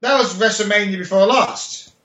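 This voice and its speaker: Joking man, high bright voice. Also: dull audio. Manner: joking, blunt, quick asides. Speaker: podcast co-host. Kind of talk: casual chat. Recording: echoey room.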